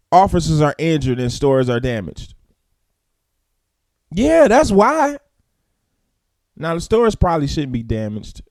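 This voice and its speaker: Male morning host, fired-up preacher cadence, lively pitch swings, fairly high voice, close and dry. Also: dry recording. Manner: preacherly, emphatic, rising to loud peaks then dropping low. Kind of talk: impassioned commentary and news reading.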